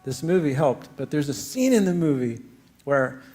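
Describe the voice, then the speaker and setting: A man's voice: fairly high pitch, sing-song, normal speed, dark tone. A middle-aged man, a singer-songwriter and spiritual teacher, rambling through a story between songs with many fillers and frequent laughs. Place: spiritual center stage.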